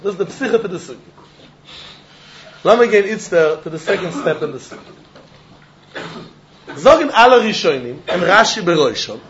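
A man's voice: high voice, a little hiss or hum. Yeshivish man teaching Talmud, lo-fi. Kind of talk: Talmud class lecture.

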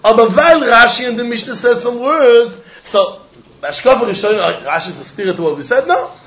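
A man teaching a Talmud class, arguing through the text in an animated way and throwing pointed questions at his students. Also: extremely high pitch, normal speed, highs cut off. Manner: animated, argumentative, mixing Yiddish and Hebrew terms into English.

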